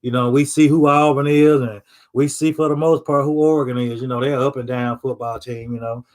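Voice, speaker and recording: A man's voice: mid-range voice, fairly even intonation, a little fast, darkish tone. A man in a mid-range voice riffing on a casual sports monologue. He rambles, circles back, and leans on fillers. His phrasing is loose and conversational. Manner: rambling, lots of fillers, Southern dialect phrasing. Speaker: sports commentator.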